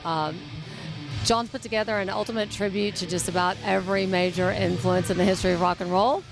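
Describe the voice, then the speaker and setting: A woman's voice: medium pitch, fairly even intonation, a little fast, gravelly, music in the background, rough recording. A woman co-hosting live TV, reading sponsor thanks in a chatty, flustered way. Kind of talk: live TV presenting.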